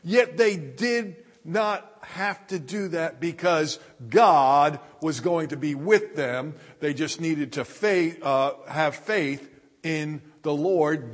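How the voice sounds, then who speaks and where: A man preaching a sermon as a pastor, delivering it deliberately and reading scripture passages aloud. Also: a little high, expressive. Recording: long hall reverb.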